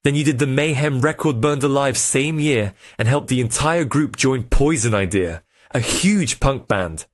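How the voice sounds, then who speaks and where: A man's voice: medium pitch, expressive, normal speed, few pauses, no room sound, clean studio sound. A man hosting an interview, setting out background facts before he asks his guest a question. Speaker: interview host.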